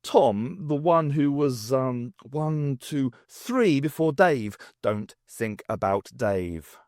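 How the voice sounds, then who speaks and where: A man reading a novel aloud, unabridged, with a wry, expressive delivery. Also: medium pitch, slow pace, no room sound, studio quality. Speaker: audiobook reader.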